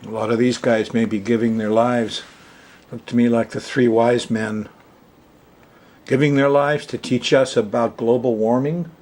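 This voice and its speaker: A man's voice: medium pitch, fairly even intonation, measured pace, a little mellow. A man hosting an astrology television show, talking casually to the camera with frequent chuckles and rambling asides. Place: Hawaii.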